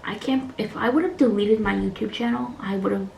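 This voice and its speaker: A woman speaks in a personal vlog, earnest and halting, at times falling to a near-whisper as she holds back tears. Her voice has a gravelly fry. The room is echoey, with a faint hiss of noise behind her. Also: mid-range voice. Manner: earnest, halting, often drops to a soft whisper. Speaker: beauty vlogger.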